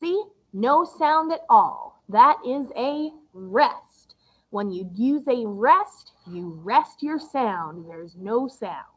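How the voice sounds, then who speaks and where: Woman, music teacher, high voice, lively pitch, patient recorded lesson for children. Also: slightly rough, highs cut off. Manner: slow, patient, sing-song explaining.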